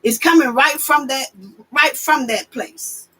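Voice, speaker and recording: Sassy new lady hosting a livestream, high bright voice, calls out chat names. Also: unhurried. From New York. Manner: animated, sassy, confrontational. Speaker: livestream host.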